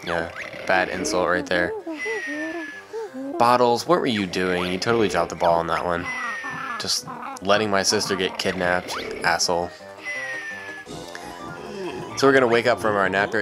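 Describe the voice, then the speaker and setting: A man's voice: sits low, normal speed, pauses often. A young man casually commentating a video game, rambling and joking with lots of fillers. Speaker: let's play commentator. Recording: game music loud behind. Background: game music.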